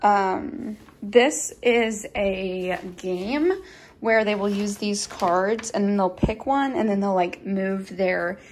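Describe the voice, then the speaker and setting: A woman's voice: mid-range voice, takes it slowly, a little mellow. A young adult woman, a kindergarten teacher, talking in a chatty, conversational way to her vlog audience. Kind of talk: casual vlog chat.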